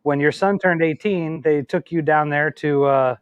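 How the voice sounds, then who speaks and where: A man hosting a casual chat, retelling a shared memory in a quick, friendly way and asking his guest questions. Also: fairly high pitch, clean tone, no room sound, highs cut off.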